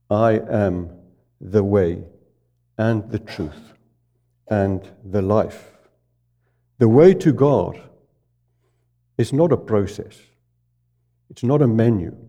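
A man preaching a sermon in a slow, deliberate way, dropping low and soft on the key phrases.

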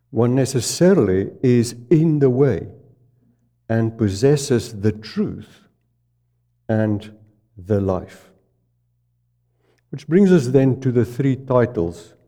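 A man preaching a sermon in a slow, deliberate way, dropping low and soft on the key phrases.

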